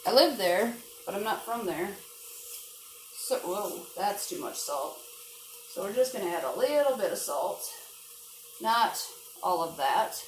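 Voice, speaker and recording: A woman's voice: medium pitch, animated, a little slow, pauses often. Chatty woman cooking in an echoey kitchen. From not from the American South. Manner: chatty, self-deprecating, talks while cooking. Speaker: home cook vlogger. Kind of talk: casual cooking vlog. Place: home kitchen with frying pan sizzling. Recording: echoey kitchen with frying noise.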